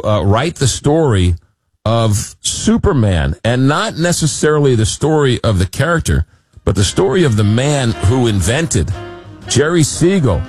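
A man's voice: fairly low pitch, darkish tone, breathy edge, no echo. A man hosting a radio talk show, chatting casually and enthusiastically recommending a series before a break. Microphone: studio microphone.

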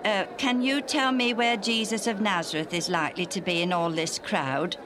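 Woman doing a steady, knowing male guide. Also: mid-range voice, background noise, pitched above the performer's own voice, natural voice. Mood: explaining. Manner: explanatory, measured. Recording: music playing underneath.

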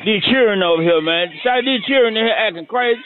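A man playing a rambling male caller who stammers and fills every pause with "uh" while making excuses. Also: sits high, a little hiss or hum, close to an everyday voice. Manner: stammering, filler-heavy rambling. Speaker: phone-in caller on radio show. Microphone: phone. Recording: tinny phone line.

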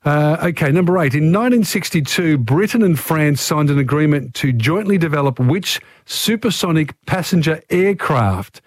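A man hosting a radio quiz, reading the questions out in a measured way. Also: fairly high pitch, animated, no room sound, studio quality. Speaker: quiz host.

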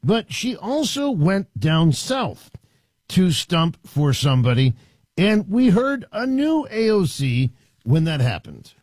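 A man hosting talk radio, his husky voice pitched high and swinging widely as he mocks and riffs. He is close on a studio mic in a dry, dead room, sounding sarcastic and conversational. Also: big pitch swings, slow, darkish tone, dry recording. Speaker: radio talk show host. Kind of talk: opinionated talk radio monologue.

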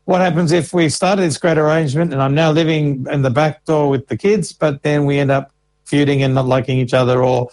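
A man's voice: a little high, steady tone, brisk, a little mellow, rough recording. A man, an information officer answering interview questions patiently and walking through examples step by step. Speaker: Services Australia financial information officer.

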